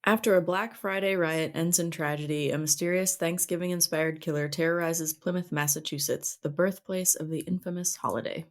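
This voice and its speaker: A woman's voice: on the low side, steady tone, fairly quick, hardly any pauses. A woman co-hosting a podcast in casual chat, enthusiastic and opinionated with many fillers. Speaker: podcast co-host.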